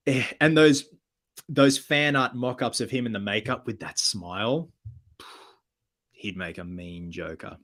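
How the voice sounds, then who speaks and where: A man at an ordinary mid pitch hosts a relaxed livestream Q&A. He reads viewer comments out loud and answers them in an upbeat, chatty manner, often with fillers. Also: slow, long pauses. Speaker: cosplayer hosting a livestream. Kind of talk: casual livestream chat Q&A.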